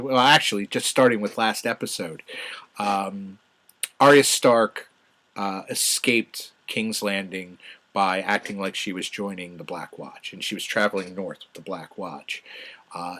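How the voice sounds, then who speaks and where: A middle-aged man giving a casual, rambling solo review, full of fillers and restarts, with sudden excited bursts. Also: fairly low pitch. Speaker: podcast host reviewing a TV show.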